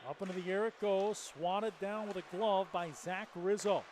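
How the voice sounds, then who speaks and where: Play-by-play man for college hockey, high pitched, over steady background noise. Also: normal speed. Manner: joking banter between calls. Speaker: play-by-play commentator.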